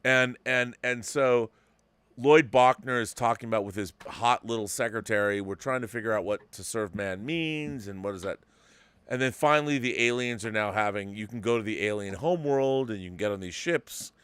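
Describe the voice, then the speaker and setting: A man in his fifties hosting a casual talk show, telling a story with excitement and many restarts. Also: medium pitch, moderate pace, smooth, no room sound. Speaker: host. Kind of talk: casual podcast chat.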